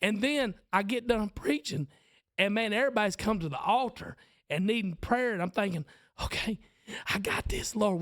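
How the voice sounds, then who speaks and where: A man's voice: sits high, fairly bright tone, no echo, studio quality. A man in his forties with a Southern accent, a podcast host and preacher telling a self-mocking story in casual chat. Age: 40s.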